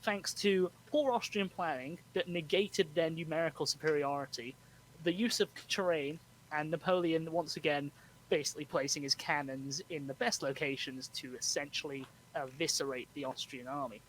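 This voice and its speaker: Podcast host, man, slightly high voice, chatty explainer who laughs a lot, faint noise behind. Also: moderate pace, a bit bright, rough recording. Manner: laughs often, history explainer. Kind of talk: casual storytelling chat.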